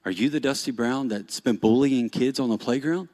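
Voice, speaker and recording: A man's voice: mid-range voice, moderate pace, a little mellow, long reverb tail, close to an everyday voice. A man voicing a stern male school principal who bluntly questions a boy in a story told from the pulpit.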